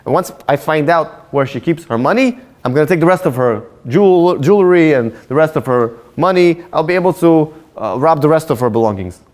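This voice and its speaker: A man's voice: a little high, animated, brisk, hardly any pauses, a little mellow, pitched above the performer's own voice, lightly acted. A man voicing a greedy, gullible burglar who talks through his schemes, in a storytelling sermon. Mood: scheming. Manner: scheming, eager.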